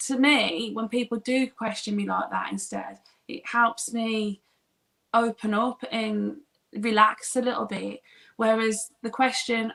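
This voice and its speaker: A woman's voice: a little high, gravelly, a bit bright. A woman as an interview guest, speaking earnestly and openly, a little hesitant. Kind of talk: interview conversation.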